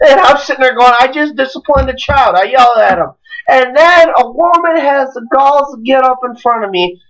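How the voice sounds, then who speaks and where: High-voiced animated storytelling man. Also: moderate pace, poor audio. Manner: animated storyteller, acts out quotes with shouts and laughs. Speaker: podcast host. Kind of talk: casual storytelling chat.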